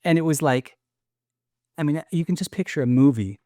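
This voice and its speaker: A man's voice: a little high, moderate pace, warm tone, no room sound, clean studio sound. A man giving an emotional testimony in casual conversation, rambling with many restarts and choking up at times. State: choked up with emotion.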